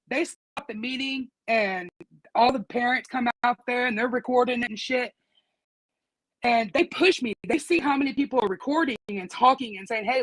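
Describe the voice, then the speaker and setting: A woman's voice: a little high, fairly bright tone, no room sound, rough recording. A woman with a teenage daughter, telling what happened to her in casual, profane, indignant storytelling. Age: adult with teenage daughter. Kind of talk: casual conversation.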